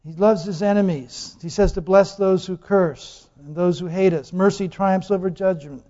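A male pastor delivers a sermon in a high, soft-edged voice, questioning his congregation and hammering points through repetition. His words ring out with a long reverb through a large church hall. The recording is muffled and lo-fi. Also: fairly even intonation, normal speed, few pauses. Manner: asks the congregation questions, repeats phrases for emphasis.

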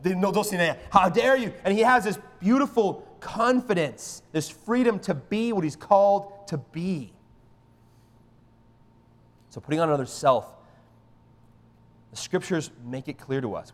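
A middle-aged man preaching a sermon in an animated, emphatic way, often checking in with the congregation by asking "right?". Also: mid-range voice, long reverb tail. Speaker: pastor.

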